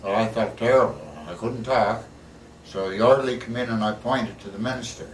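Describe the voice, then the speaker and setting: This older man's voice sits on the low side and moves a little fast as he tells his war stories in a casual interview. A plain-spoken veteran, he talks in a folksy way and tags his sentences with "eh." The sound is echoey and distant, with a faint hiss behind it.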